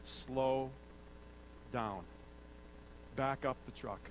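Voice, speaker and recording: A male preacher voicing a calm, gentle man who slowly soothes a worried friend. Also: on the high side, a little hiss or hum, voice pushed down, low-quality recording. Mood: soothing. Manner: slow, soft, soothing.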